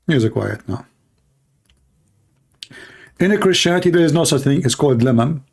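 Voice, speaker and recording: Man, higher-pitched voice, dry throat and frequent throat clearing, emphatic and challenging as he hosts a livestream debate. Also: lively intonation, measured pace. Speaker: debater and host.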